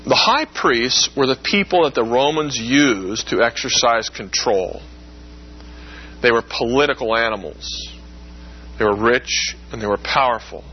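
A man lecturing in a relaxed, conversational way, explaining with everyday comparisons. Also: mid-range voice, a little slow, muffled recording, slight background noise. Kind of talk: classroom lecture.

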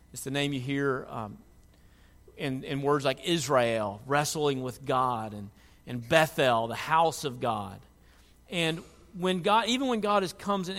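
Pastor, male, earnest preacher with stumbling restarts; a bit high-pitched, recorded with a long reverberant hall tail. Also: fairly bright tone. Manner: earnest, repeats words as he restarts. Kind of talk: sermon.

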